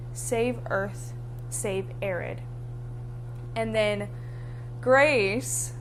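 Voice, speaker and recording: A woman's voice: on the high side, a little hiss or hum. A woman ranting about a book and its film in a casual vlog, emphatic and freely profane. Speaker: book reviewer. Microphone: camera mic.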